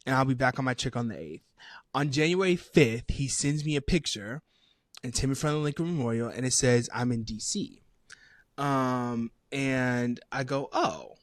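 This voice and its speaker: A young man co-hosting a podcast, telling a rambling, animated story full of quoted dialogue in casual chat. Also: medium pitch, no room sound, clean studio sound. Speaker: podcast co-host.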